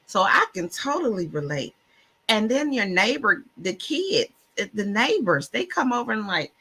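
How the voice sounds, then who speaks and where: A woman speaks with fervent, heartfelt passion on a podcast, her voice bright and forward with a noticeable husky edge. She sometimes trips over her words, as a self-described stutterer would. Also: a little high, sing-song, a little slow. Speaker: podcast guest co-author. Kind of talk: emotional faith-filled podcast chat. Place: Clubhouse-style online audio room.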